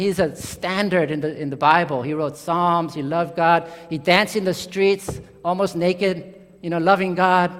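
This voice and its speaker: A man preaching a sermon as pastor, talking conversationally, climbing into excited bursts and then sinking low and quiet. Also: big-room sound.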